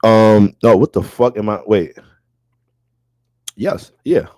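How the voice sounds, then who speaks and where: A man giving a casual astrology reading, talking in a loose, profane and animated way. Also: fairly low pitch, slow, no room sound.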